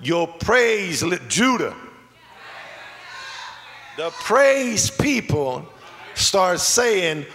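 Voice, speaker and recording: A pastor preaching a sermon, moving between quiet asides and shouted lines, laughing along the way. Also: male voice, high voice, very animated, drawn-out words, long pauses. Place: church sanctuary. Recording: long church hall reverb, faint ambience.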